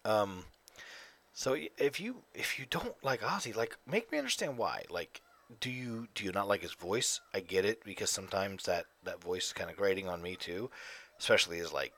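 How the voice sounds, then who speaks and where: A man's voice: deep voice, animated, fairly quick, pushed and bright. A man hosting his own casual solo podcast, talking close to the mic in profane, rambling rants. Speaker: podcast host. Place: home, evenings. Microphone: close desk mic.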